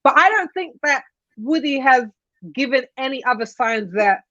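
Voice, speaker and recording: A woman's voice: high-pitched, animated, normal speed, sharp tone, no echo. A young woman chatting on a podcast panel, telling stories and laughing often. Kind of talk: casual panel chat. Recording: dull lo-fi podcast audio.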